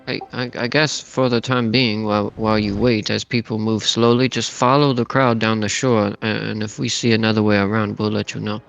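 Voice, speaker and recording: A man's voice: on the low side, flat delivery, brisk, creaky, hardly any pauses, fairly bright tone, muffled recording, soft background music. A man playing a tabletop game casually, hesitant and repeating words. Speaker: player.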